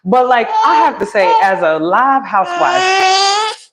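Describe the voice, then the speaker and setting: A woman's voice: a little high, big pitch swings, slow, pauses often, very noisy. A woman hosting a casual live stream from home, chatting with her viewers and her baby and laughing often. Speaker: livestream host.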